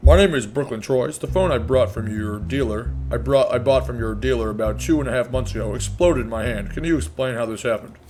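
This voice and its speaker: A man voicing an aggrieved male customer in a low, subdued voice. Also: lively intonation, a little fast, music in the background, lightly acted.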